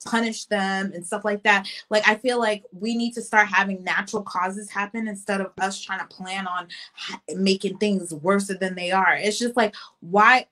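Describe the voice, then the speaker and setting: A woman's voice: medium pitch, steady tone, normal speed, a bit bright. A young adult woman co-hosting a casual podcast chat, giving frank advice and calling listeners honey. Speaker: podcast co-host.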